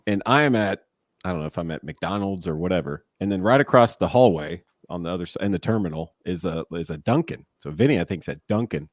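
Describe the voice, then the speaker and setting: Man in his 40s, casual storyteller, fairly low, very lively delivery, dry sound. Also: fast, no echo. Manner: animated, laughing storyteller who acts out quotes. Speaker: former pro baseball player and broadcaster. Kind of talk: casual storytelling in a podcast interview.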